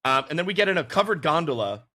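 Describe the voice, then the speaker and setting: A man chatting casually on a podcast, telling animated anecdotes and laughing often. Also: fairly high pitch, fast. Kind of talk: casual chat, storytelling.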